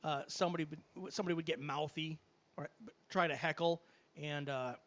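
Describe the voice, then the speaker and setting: A man's voice: fairly high pitch, brisk. A man co-hosting a casual chat, telling stories from playing in a band and laughing often. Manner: laughing storyteller, often trailing off quietly. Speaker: podcast co-host, former band musician. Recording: muffled lo-fi sound.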